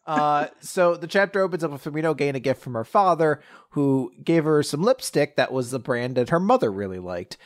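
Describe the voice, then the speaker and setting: A man's voice: on the high side, lively intonation, brisk, hardly any pauses. A man co-hosting a casual chat, recapping a story chapter in a rambling way, laughing often and acting out the characters' lines. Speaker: podcast co-host.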